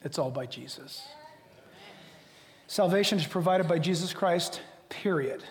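A man's voice: a little high, a little slow, big-room sound. A male pastor preaching a sermon animatedly, acting out imagined conversations and dropping to whispers. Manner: animated, acts out both sides of imagined dialogues, drops to whispers.

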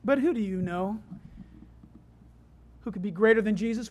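Animated conversational preacher. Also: mid-range voice, moderate pace, pauses often. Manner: animated, conversational, swings from loud to hushed. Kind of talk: sermon with storytelling.

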